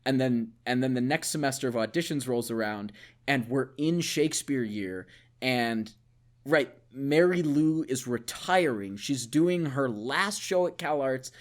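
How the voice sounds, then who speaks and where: A man's voice: medium pitch, expressive, unhurried. A young man co-hosting a casual podcast, telling a personal story hesitantly and searching for words. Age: young adult. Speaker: podcast co-host. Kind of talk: casual chat.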